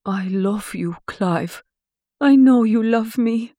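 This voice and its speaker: A woman voicing a glamorous female jewel thief from a film, speaking accented English in a husky, pleading, emotional voice. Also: a little high, takes it slowly, dark tone, no room sound, clean studio sound, voice pushed up.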